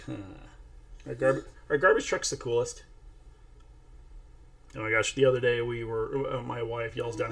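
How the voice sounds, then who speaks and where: Walking through an AI art screen-share tutorial in a relaxed way, this host also addresses the toddler at his side. He has a gravelly mid-range voice, a moderate pace and frequent pauses.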